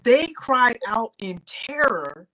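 A woman reading scripture aloud in a Bible study, slow and deliberate. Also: fairly high pitch, sing-song, pushed and bright, poor audio. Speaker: scripture reader.

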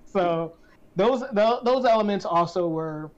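A woman's voice: medium pitch, a little slow. A woman co-hosting a podcast, talking through her thoughts on a movie with frequent restarts. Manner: thoughtful, restarts sentences, hedging. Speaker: podcast co-host. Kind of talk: casual chat. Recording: slightly dull lo-fi sound.

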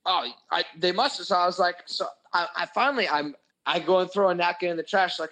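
A young man telling a crude, profane story in a casual chat, animated and full of swearing. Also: high-pitched, fast, low-quality recording. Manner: animated, crude, swears a lot, voices his own anger. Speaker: podcast host telling a story.

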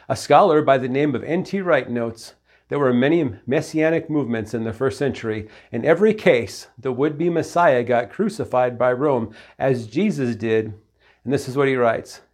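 A man preaching a sermon as a pastor, earnest and direct, asking his listeners questions and slipping in folksy asides. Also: medium pitch.

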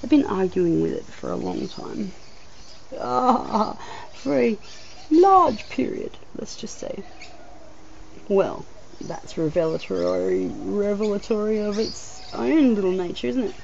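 A woman's voice: mid-range voice, animated, measured pace, mellow. A woman, congested from a headache, musing aloud and laughing in a casual outdoor podcast monologue. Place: outdoors, sitting on the ground. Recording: muffled with clear background noise.

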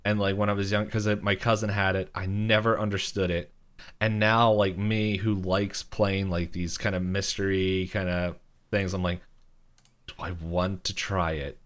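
A man's voice: low voice, little pitch movement, moderate pace, a bit bright. Rambling young man full of "like". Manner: rambling, fills with "like", acts out characters' lines. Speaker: podcast co-host. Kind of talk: casual chat recapping a cartoon episode.

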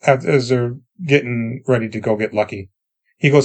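A man co-hosts a movie podcast and walks through the plot in a casual, swearing style. He slips into quick voices for the characters as he recaps. He speaks at a middle pitch. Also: fairly even intonation. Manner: profane, acts out characters while recapping. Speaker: podcast co-host.

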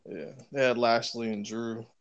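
A man's voice: medium pitch, little pitch movement, measured pace, muffled recording. A man in casual chat about wrestling, laid-back and swearing casually.

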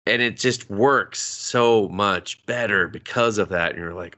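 A man's voice: on the low side, unhurried, few pauses. A man co-hosting a podcast, recapping an anime episode in casual, profane chat and acting out the characters' lines. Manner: profane, animated, acts out quotes. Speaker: podcast co-host.

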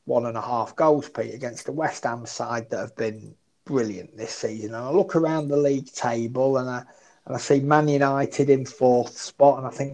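A man's voice: medium pitch, warm tone, rough recording. Chatty man talking football bets. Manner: chatty, self-deprecating, thinks aloud. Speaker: football betting tipster. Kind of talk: casual betting podcast chat.

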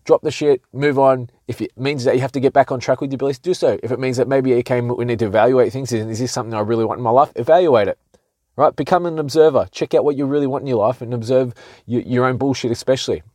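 A man's voice: mid-range voice, fairly even intonation, fast talker, darkish tone, no room sound, clean studio sound. A man hosting a casual solo podcast. He speaks candidly, swears freely and often restarts his sentences. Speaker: podcast host.

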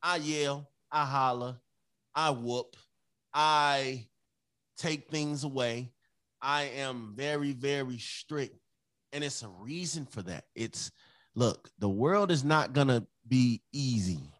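A man speaking at an unhurried, deliberate pace in a casual podcast conversation, with a medium-pitched voice. He leans on repetition for emphasis and sometimes slips into his children's voices. The sound is dry and close, with no room echo. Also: fairly bright tone. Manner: emphatic, repeats phrases, acts out his kids' voices. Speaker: podcast co-host.

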